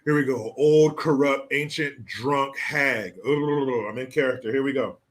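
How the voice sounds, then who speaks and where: A man's voice: medium pitch, unhurried, hardly any pauses. A man hosting a political commentary show, ranting in a profane, sarcastic way. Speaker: host.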